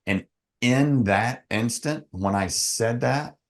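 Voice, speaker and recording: A man, a podcast guest, telling an emotional personal story in an earnest, halting way with frequent restarts. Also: medium pitch.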